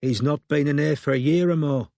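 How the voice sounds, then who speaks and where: Cagey barmaid, curt, few words, read by a man; slightly raised pitch, dry close sound. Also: completely flat delivery, normal speed, darkish tone, dry recording, lightly acted. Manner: curt, laconic. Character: cagey village barmaid, shrewd, unsmiling.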